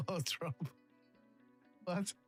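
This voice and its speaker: A man's voice: sits high, very slow, slightly rough, faint music behind. Laughing man hosting a casual livestream. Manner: laughing, repeats himself, imitates sound effects. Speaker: livestream host.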